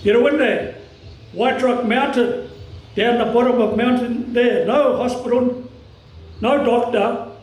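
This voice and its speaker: An Australian man from the Cairns region giving an impassioned public speech at a commemoration, talking strong and forceful in halting phrases. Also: very high voice, steady tone, roomy sound, recorded from a distance, poor audio. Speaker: community speaker at a commemoration.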